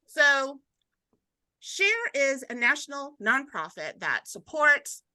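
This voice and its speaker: Bright upbeat Southern woman hosting. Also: high-pitched, sing-song, takes it slowly, no echo, low-quality recording. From Atlanta, Georgia. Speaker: host. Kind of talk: casual webinar hosting.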